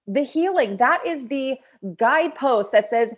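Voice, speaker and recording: Animated woman giving a motivational talk. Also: high-pitched, unhurried. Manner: animated, acts out quoted self-talk. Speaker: podcast host, personal development. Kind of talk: casual motivational monologue.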